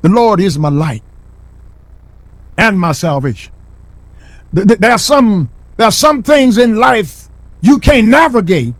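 A middle-aged man preaching a sermon in a church, repeating lines and building to shouts. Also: high-pitched, expressive, unhurried, long pauses, dry recording. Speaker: pastor. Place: church sanctuary.

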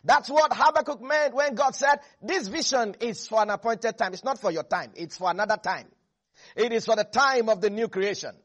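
A man with a notably high voice delivers a fervent evening sermon. He reads scripture in a measured cadence, then presses the congregation with questions and calls for them to repeat after him. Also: fairly bright tone, highs cut off. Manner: emphatic preaching with call-and-response to the congregation. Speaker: preacher.

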